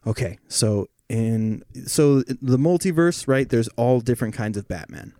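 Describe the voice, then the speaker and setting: Man, mid-pitch podcast co-host, eager explainer, curses, dry close-miked sound. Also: lively intonation, a little slow, warm tone, no echo. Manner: eager, explains at length, swears. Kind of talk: casual chat.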